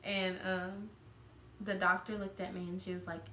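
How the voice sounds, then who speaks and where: A woman's voice: lowish voice, little pitch movement, normal speed, bright, forceful tone, slight background noise. A woman vlogger telling a personal story in a casual, chatty way, with lots of "like" fillers. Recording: roomy echo.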